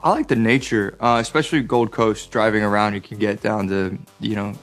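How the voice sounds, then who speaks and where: A young adult man with an American accent, chatting as an interview guest, animated and joking with many fillers and restarts. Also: fairly low pitch, brisk, faint music behind. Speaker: actor guest. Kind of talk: casual interview chat.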